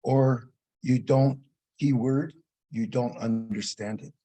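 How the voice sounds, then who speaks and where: A man who teaches martial arts speaks as a guest, explaining his views in a measured, teacherly way. His voice is dark and mellow with a husky edge. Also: medium pitch, steady tone, poor audio. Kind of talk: casual interview chat.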